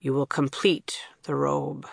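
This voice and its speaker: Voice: medium pitch, little pitch movement, takes it slowly, creaky, breathy edge, no room sound, clean studio sound, full character voice. A storybook narrator voicing a stern male chief guardian who speaks firmly and with authority. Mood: commanding. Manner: firm, authoritative.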